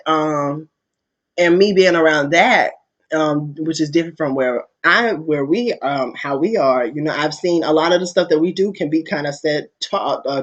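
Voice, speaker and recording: A man talking casually to his viewers in a candid, profane, storytelling way. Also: fairly high pitch. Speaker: vlogger. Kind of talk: casual opinion monologue. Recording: dull lo-fi recording.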